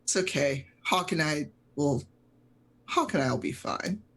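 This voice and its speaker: A woman's voice: sits low, expressive, unhurried, a bit bright, pitched below the performer's own voice, full character voice. A woman voicing a sly, teasing male elf spymaster in a tabletop game. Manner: teasing, offhand.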